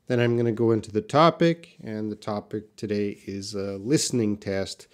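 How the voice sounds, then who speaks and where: Speaking at a moderate pace in a fairly low voice, this Canadian-accented man from Canada runs a live-streamed English pronunciation class. He patiently walks through explanations and responds to people in the chat by name.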